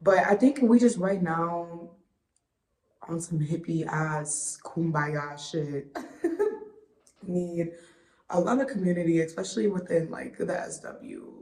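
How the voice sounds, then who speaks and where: A woman's voice: lowish voice, slow pace, long pauses, dark tone. A woman hosting a solo podcast, talking candidly and with lots of swearing, a little tipsy from wine. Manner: candid and profane, loose tangents. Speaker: podcast host. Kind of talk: casual solo podcast monologue. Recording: roomy echo.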